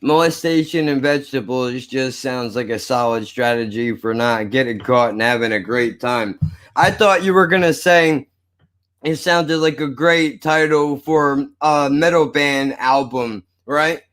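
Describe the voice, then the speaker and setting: A man's voice: medium pitch, fairly even intonation, a little slow, a bit bright. A man hosting a podcast, rambling and joking with heavy swearing. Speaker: podcast host. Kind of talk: casual podcast banter.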